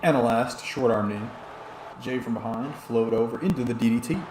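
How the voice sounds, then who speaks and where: A man's voice: medium pitch, moderate pace, darkish tone. Tipsy male streamer, rambling play-by-play on a wrestling game while reading chat, roomy echo, faint hiss behind. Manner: rambling, chatty, talks back to chat comments.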